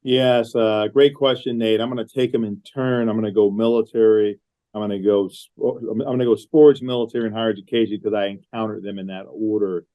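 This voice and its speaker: Middle-aged male guest, warm mellow tone, earnest, halting repeats, remote call. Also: fairly low pitch, steady tone, low-quality recording. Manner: earnest, repeats words as he gathers his thoughts. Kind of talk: podcast interview conversation.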